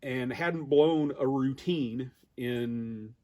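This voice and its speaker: A man in his fifties with an American accent, telling a lively story in a casual interview and acting out the quoted exchanges. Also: medium pitch, drawn-out words. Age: 50s. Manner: animated storyteller, acts out quoted exchanges with laughs. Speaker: duck calling champion guest.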